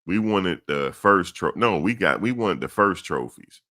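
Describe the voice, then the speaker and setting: This sports commentary host, a middle-aged man, speaks at a measured pace in a low, animated voice that sounds pushed and bright. His rant is blunt and blustery, circling back over his points as he talks right to the audience.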